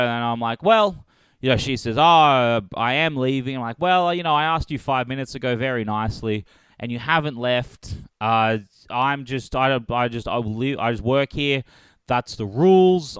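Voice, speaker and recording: A young man telling a comedic story alone, sarcastic and animated, switching between voices as he replays an argument. His voice is smooth and resonant, and the recording is dry and close. His pitch sits in an ordinary middle range. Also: no echo. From Australia. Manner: animated, sarcastic, acts out both sides of quarrels. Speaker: podcast host.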